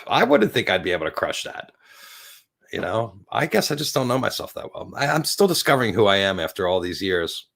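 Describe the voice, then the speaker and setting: A man in his fifties hosting a casual live stream from a porch, rambling and giggling while very high. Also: big pitch swings, vocal fry, fairly bright tone. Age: 50s. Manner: rambling, giggly, stoned and slowing down. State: very high on cannabis. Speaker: livestream host. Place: outdoor porch.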